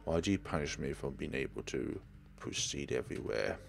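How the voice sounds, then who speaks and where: A man's voice: rumbling low, animated, fairly quick, gravelly, faint music behind. A man hosting a horror-game let's play. He reads the game's dialogue aloud and breaks into dramatic outbursts. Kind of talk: gaming commentary reading game dialogue aloud.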